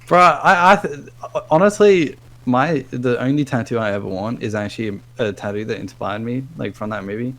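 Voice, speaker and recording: A man's voice: mid-range voice, normal speed, few pauses, a bit bright, low-quality recording. A young man chatting casually as a podcast guest, rambling emotionally with lots of fillers. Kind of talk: casual chat.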